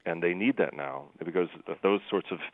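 A man's voice: low-pitched, a little fast, no echo, phone-quality sound. A man who sings opera, talking in a rambling conversational way with many fillers and restarts. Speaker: opera singer. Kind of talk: casual conversation.

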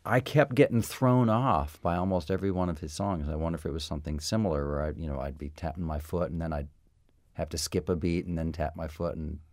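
A man interviewing a musician, asking thoughtful questions and pausing often to search for words. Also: very deep voice, a little mellow, no echo. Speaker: radio interviewer. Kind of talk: casual interview.

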